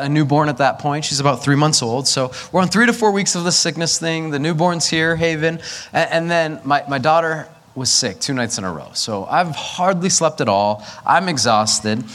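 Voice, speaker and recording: A man's voice: a little high, fairly bright tone, a little hiss or hum. A man in his thirties, a pastor, preaching a sermon through a candid personal story and acting out family dialogue.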